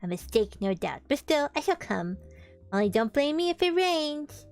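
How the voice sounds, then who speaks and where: A woman's voice: sits high, sing-song, soft background music, voice pushed up. Woman voicing Eeyore, gloomy old donkey. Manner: mopey, slow, self-pitying.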